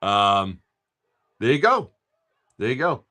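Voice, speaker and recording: Animated, swearing card-break streamer guy. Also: mid-range voice, slow. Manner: upbeat, swears casually, greets viewers by name. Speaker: live-stream host opening card packs. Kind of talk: casual live-stream chat.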